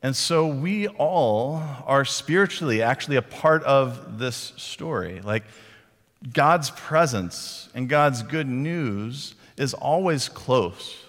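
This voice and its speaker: A male pastor preaching in a relaxed, conversational way. He slips into short acted voices for the people in his retelling. His voice rings with the long reverb of a large hall. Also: medium pitch, slow pace. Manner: conversational, acts out quoted lines. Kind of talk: sermon.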